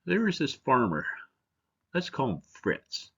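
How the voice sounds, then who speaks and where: A man's voice: mid-range voice, huge pitch swings, a little slow, vocal fry, bright, forceful tone, slightly rough, dull audio. A man presenting at a seminar as a seed company representative, talking in a conversational, joking way. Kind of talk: conference presentation.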